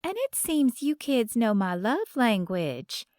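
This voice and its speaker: A woman's voice: sing-song, takes it slowly, no room sound, studio quality. A woman doing a lyrical Southern grandmother in her sixties. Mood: charming. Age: 60s. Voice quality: lyrical, higher and brighter. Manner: effusive, folksy, playfully bossy. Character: warm older Southern grandmother, former star singer.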